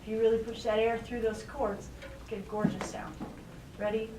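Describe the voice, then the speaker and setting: A woman with a high, bright-toned voice leads a band rehearsal, encouraging the players and explaining ideas with homely comparisons. She is picked up from across an echoey rehearsal room by a distant mic, with clear background noise. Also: flat delivery, normal speed. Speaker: guest band conductor.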